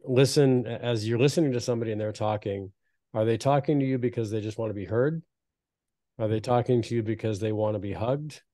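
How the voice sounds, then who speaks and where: A man in his fifties hosting a podcast, telling reflective, earnest stories in a relaxed conversational way. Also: mid-range voice, brisk, dry recording. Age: 50s. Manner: reflective, earnest storytelling with frequent restarts. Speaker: podcast host.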